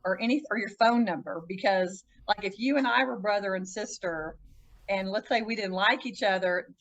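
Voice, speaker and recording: A woman podcast guest telling a personal story in a casual, earnest way. She often stops and restarts her sentences. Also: lo-fi sound. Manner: earnest, halting, with frequent restarts; acts out quoted voices with pitch jumps.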